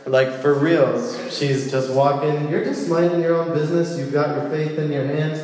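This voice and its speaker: A man giving a casual, playful sermon, telling a story with lively asides. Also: on the high side, moderate pace. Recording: echoey hall with long reverb.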